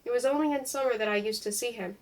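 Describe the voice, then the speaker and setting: A woman with a somewhat high voice reads a memoir aloud at an unhurried pace. Her delivery is careful and measured, and she stumbles now and then over unfamiliar foreign names. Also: poor audio. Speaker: reader. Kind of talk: unhurried audiobook-style reading of a memoir.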